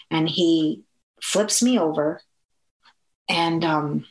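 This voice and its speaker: A woman with a fairly low voice recounts a painful personal experience, pausing often and restarting her sentences. The recording has an echoey, roomy sound around her. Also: a bit bright. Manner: halting, many fillers and restarts. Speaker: guest telling a personal story. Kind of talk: personal testimony, conversational. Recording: echoey room.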